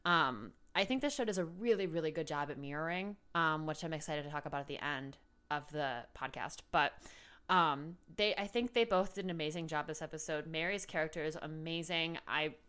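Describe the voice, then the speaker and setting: A young woman co-hosting a podcast with a low, smooth voice. She talks in a thoughtful, measured way, often pausing on ums. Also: fairly bright tone. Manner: thoughtful, measured, with frequent ums and agreeing murmurs. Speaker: podcast co-host. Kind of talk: casual chat.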